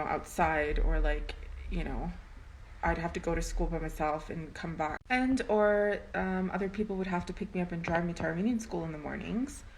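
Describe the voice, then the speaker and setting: A woman's voice: on the low side, a little hiss or hum, poor audio. A young adult woman vlogging to camera, telling a personal story in a rambling, emotional way with some swearing.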